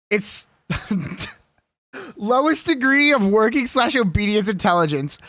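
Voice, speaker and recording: Lively, chatty live streamer. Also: mid-range voice, dry recording, clean studio sound. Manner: chatty and opinionated, reading a list aloud with laughs. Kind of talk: casual live-stream chat.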